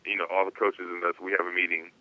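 A man's voice: low-pitched, very fast, muffled recording. A young man, a baseball player, telling a story in an interview, laughing often and acting out what people said. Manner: animated, laughs often, acts out quotes. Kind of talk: casual storytelling.

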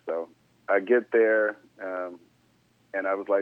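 A man's voice: low voice, takes it slowly, long pauses, dry recording. A man, a former pro ballplayer, telling a story in a laid-back, slangy way as an interview guest, rising to disbelief at times. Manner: laid-back, slangy, animated when incredulous. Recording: tinny phone-like sound.

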